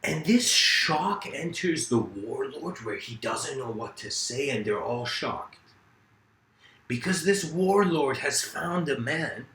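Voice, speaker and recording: A man's voice: on the high side, fairly bright tone, echoey room, poor audio. A man giving a casual philosophical lecture, telling a story loosely with many fillers.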